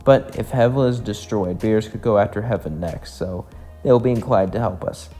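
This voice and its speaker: A man's voice: fairly low pitch, moderate pace, warm tone, faint music behind, close to an everyday voice. Brief: man playing a kind-hearted young princess, earnest and plain. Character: cheerful young princess of hell.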